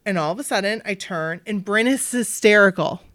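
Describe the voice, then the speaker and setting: A woman's voice: medium pitch, a little fast, dry recording. Chatty podcast co-host woman, dry sound. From Maine. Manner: animated storytelling with bright acted-out quotes. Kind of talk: casual chat.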